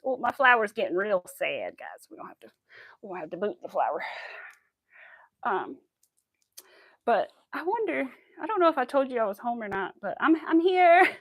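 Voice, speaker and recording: Her voice is fairly high and sing-song, moving at a moderate pace with frequent pauses and no echo. She's a crafting channel host on a casual crochet livestream, chatty and giggly as she talks to viewers while working.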